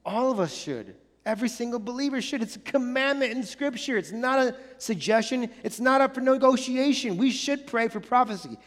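A male pastor with a notably high voice delivers an earnest sermon, hammering his points by repeating them. His words trail off into a long, ringing reverb from a large hall. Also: animated, a little fast, few pauses, a bit bright. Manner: earnest, repetitive emphasis with many restarts.

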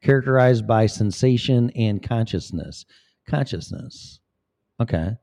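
A man's voice: fairly low pitch, very animated, a little slow, dark tone. A man giving profane, rambling, blunt commentary as a vlogger. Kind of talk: casual commentary.

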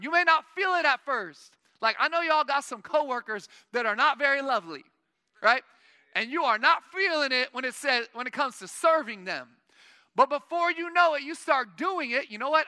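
A man's voice: extremely high pitch, bright, forceful tone, dry recording, big-room sound. A man preaching a sermon as pastor of his church, earnest and conversational, rising to emphatic peaks. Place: church sanctuary.

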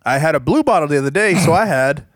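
An American man co-hosting a podcast, delivering jokes in a deadpan, drawn-out way. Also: fairly high pitch. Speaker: podcast co-host. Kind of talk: casual chat.

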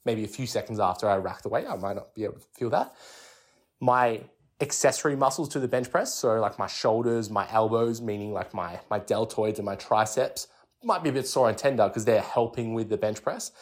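A man's voice: on the low side, fairly quick. Chatty fitness podcast host, man. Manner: chatty, with many restarts and "like" fillers. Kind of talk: casual fitness explainer.

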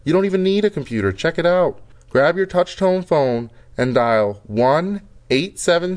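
A man delivers a mock product pitch with deadpan earnestness. His voice is a touch high and moves about lively. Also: normal speed. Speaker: host.

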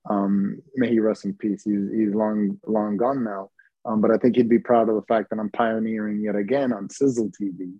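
A man guest talking in a relaxed, easygoing way in an interview, with lots of ums and restarts. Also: fairly low pitch, normal speed, no echo, lo-fi sound. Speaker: guest, TV host and founder. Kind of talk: casual interview chat.

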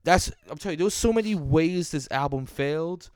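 A man co-hosting a casual album review chat, easygoing and quick to laugh along. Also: a little high, lively intonation, darkish tone, no echo. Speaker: podcast co-host reviewing an album.

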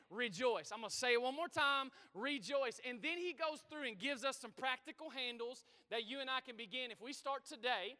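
High, bright-voiced energetic male preacher. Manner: energetic, call-and-response with the congregation. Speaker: pastor. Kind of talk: sermon. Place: church auditorium. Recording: reverberant hall.

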